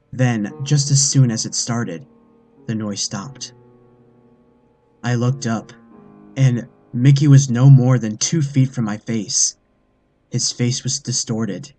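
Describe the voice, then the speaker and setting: A man narrating a horror story in a first-person scripted read, earnest and steady. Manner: earnest storytelling, with the mother's lines put on higher. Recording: faint music bed behind.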